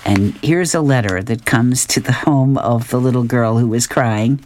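A woman's voice: extremely low pitch, moderate pace, few pauses, a little mellow, slight background noise. A woman reading newspaper comic strips aloud, describing each panel with chatty, amused asides.

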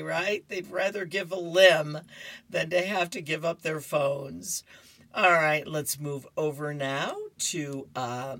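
A woman's voice: low voice, a little slow, a bit bright, husky, no echo. A woman reading horoscopes and comics aloud for a radio reading service, with cheerful chatty asides.

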